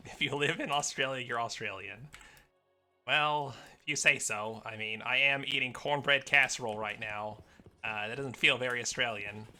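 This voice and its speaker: A man's voice: medium pitch, steady tone, normal speed, bright, forceful tone, faint music behind. An American man live-streaming a game, chatting with viewers in a rambling, easygoing way and muttering asides as he plays. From United States. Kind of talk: casual live game stream, answering chat.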